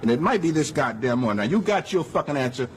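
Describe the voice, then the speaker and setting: A man's voice: on the high side, sing-song, quick pace, a little hiss or hum. A man, a city councilman, angrily refusing questions in a news interview and repeating profane threats. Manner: angry, threatening, profane, repetitive.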